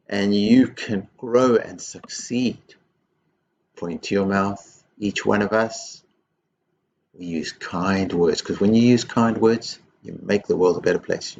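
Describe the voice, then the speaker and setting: A man leading a school assembly for young children, slow and encouraging, guiding actions and chants. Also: lowish voice, vocal fry, darkish tone, a little hiss or hum. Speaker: headteacher. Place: school office.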